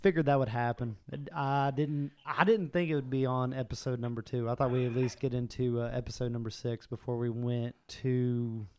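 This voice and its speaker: A man's voice: medium pitch, steady tone, moderate pace, hardly any pauses, warm tone, slight background noise. Teasing, wisecracking male podcast co-host. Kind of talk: casual chat.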